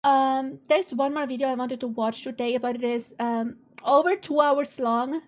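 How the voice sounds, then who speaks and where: A woman's voice: sits high, steady tone, moderate pace. A woman streamer chatting casually while reacting to videos, laughing often and musing aloud.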